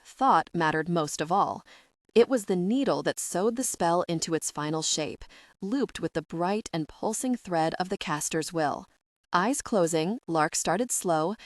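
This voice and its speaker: Low-voiced woman narrating an audiobook. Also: dry recording, clean studio sound. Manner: wry, conversational storytelling with occasional swearing. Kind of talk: first-person audiobook narration.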